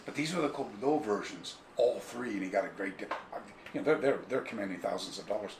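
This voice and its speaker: A man's voice: lowish voice, quick pace, a little hiss or hum. A man as an interview guest, telling a long anecdote casually and digressively, with a lot of animation. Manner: animated, digressive, mimics people in his stories. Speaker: interview guest, karate author. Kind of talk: casual storytelling. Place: a room in his home. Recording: echoey room with faint ambience.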